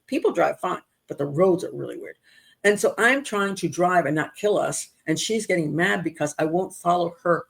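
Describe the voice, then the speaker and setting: A woman's voice: fairly low pitch, gravelly. A middle-aged woman hosting an advice show, retelling a personal story in a casual, exasperated way with many restarts. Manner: animated, exasperated retelling with self-interruptions.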